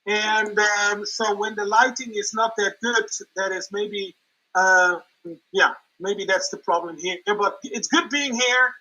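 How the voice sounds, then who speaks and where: A man joins a video call from a hotel room and speaks in a relaxed, joking way, pausing often on fillers. His voice is bright and pointed, with a husky edge. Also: high voice, low-quality recording. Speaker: guest speaker. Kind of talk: casual chat.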